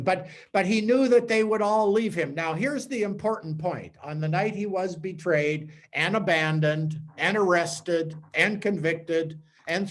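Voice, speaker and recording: A man, a priest, giving a conversational teaching talk to a small group with animated storytelling. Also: a little high.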